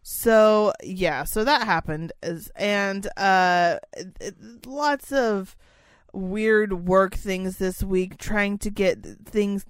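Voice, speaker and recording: A woman's voice: medium pitch, very slow, clean tone, dry recording. A woman tells a workplace story in a casual chat. She swears freely and rants with a lot of energy. Her voice sits in the middle range and is recorded dry and close, with no room sound. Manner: profane, animated ranting storyteller. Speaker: podcast co-host.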